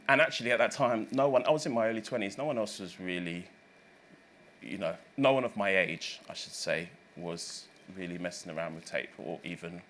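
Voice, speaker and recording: Rambling man, lowish voice. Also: a little hiss or hum. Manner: rambling, warm anecdotes with many fillers and self-corrections. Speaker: recording engineer. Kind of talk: reflective interview storytelling.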